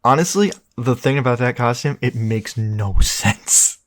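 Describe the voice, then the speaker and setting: A man co-hosting a loose, casual film review chat, his voice at an everyday middle pitch. He gets excited easily, swears freely and laughs a lot. The sound is dry and close, with little room around it. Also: measured pace, no room sound. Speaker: podcast co-host.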